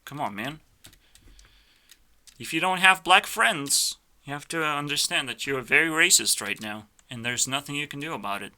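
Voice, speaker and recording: Brash, swearing man with a sharp voice. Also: mid-range voice. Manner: brash, swearing, mock-arrogant ranting. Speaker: YouTuber. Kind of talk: live reaction commentary. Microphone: headphones on, desk mic.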